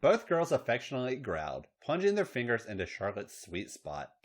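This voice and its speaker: This podcast host reads erotic fiction aloud with a matter-of-fact tone. His mid-range voice is husky and brisk, and his pitch swoops wildly.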